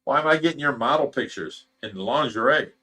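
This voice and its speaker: Bright-voiced man chatting on a livestream. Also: medium pitch, a little fast. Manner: loose, chuckling, blunt and animated storyteller. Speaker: fish rescue host reading viewer comments. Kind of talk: casual livestream chat.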